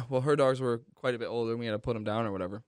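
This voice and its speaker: A man's voice: medium pitch, rapid-fire, no room sound, clean studio sound. Laid-back man saying "dude" a lot. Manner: laid-back, swearing, says "dude" often. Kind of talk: casual storytelling chat.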